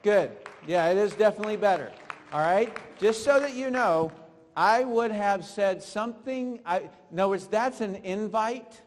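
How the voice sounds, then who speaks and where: A male trainer with a high voice leads a live seminar, quizzing and coaching his audience through drills. His voice rings through a hall with a long reverb. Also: moderate pace. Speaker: network marketing trainer. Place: large room with an audience.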